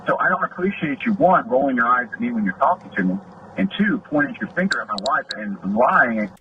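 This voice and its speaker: A man's voice: mid-range voice, big pitch swings, brisk. Aggrieved man in muffled noisy recording. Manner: aggrieved, retelling a dispute with quoted dialogue. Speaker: off-duty deputy telling a complaint. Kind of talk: recorded personal account. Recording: muffled noisy video audio.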